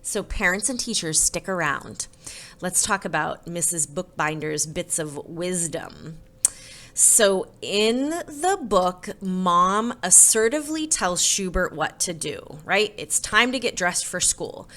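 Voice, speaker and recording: Woman reading a kids' book then chatting to parents, lively up-and-down voice, bright, lowish. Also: slow pace. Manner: expressive, conversational, says "right?". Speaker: storybook reader and parenting presenter. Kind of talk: children's storybook reading then parenting tips.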